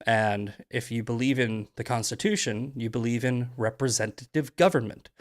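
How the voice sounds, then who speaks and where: A man hosting a political monologue on a live stream, mocking his critics, swearing and shouting at points. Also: medium pitch, moderate pace. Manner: angry, profane, shouting bursts. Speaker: host.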